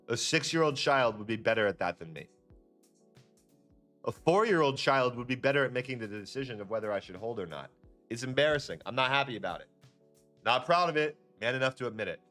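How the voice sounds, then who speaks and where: A young man hosting a live trading stream, chatting casually and ranting in a slangy, profane, animated way. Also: fairly quick, faint music behind. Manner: animated, slangy and profane, with lively jumps in pitch. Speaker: livestream trading host. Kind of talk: casual livestream chat and rant.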